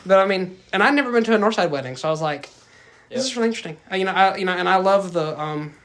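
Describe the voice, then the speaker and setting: A man's voice: sits high, racing, fairly bright tone. A young man hosting a podcast, chatting casually and rambling with lots of fillers and quoted asides. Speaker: podcast host. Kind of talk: casual interview chat.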